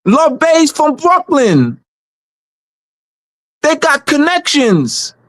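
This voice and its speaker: A man's voice: very high-pitched, huge pitch swings, very slow, a bit bright, no room sound. A man speaking on a community livestream in a casual, emphatic way, repeating phrases for stress.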